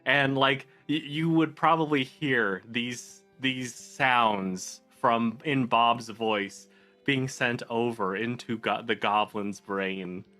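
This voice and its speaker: Man, tabletop game player, very slow, hesitant, many fillers, bright forceful voice. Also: mid-range voice, fairly even intonation, faint music behind. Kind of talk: casual tabletop game play.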